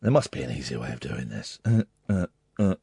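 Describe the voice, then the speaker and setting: A man hosting a late-night radio phone-in, rambling and excitable, mocking himself. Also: very deep voice, fairly quick, gravelly, husky, no echo, studio quality. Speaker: radio presenter. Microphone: studio microphone.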